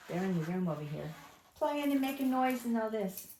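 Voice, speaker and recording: A woman's voice: fairly low pitch, sing-song, normal speed, mellow, slight background noise. An older woman giving a chatty, emphatic Bible lesson to a small home congregation, asking them questions as she goes. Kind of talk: informal Bible teaching. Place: home gathering room. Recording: echoey room.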